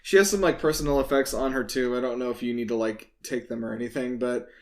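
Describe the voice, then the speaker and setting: A man's voice: medium pitch, steady tone, fast. A man running a tabletop game as game master, narrating casually with lots of fillers.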